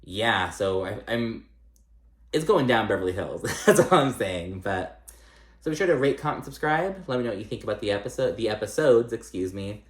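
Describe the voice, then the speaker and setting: A man's voice: lowish voice, animated, moderate pace. A man giving a casual, gossipy recap of a reality show, chatty and salty, with lots of "like" and "um". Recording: echoey room.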